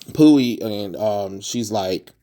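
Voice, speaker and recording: A man with a fairly low voice talks through a comic storyline in a loose, rambling way. He keeps it casual, leaning on fillers and hedges as he goes. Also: mellow. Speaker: comic book reviewer. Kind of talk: casual plot recap.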